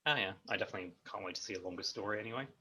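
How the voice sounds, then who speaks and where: A man's voice: fairly low pitch, very fast, pushed and bright, slightly rough, rough recording. An Irish man hosting a casual chat, making dry joking asides. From Ireland. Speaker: host.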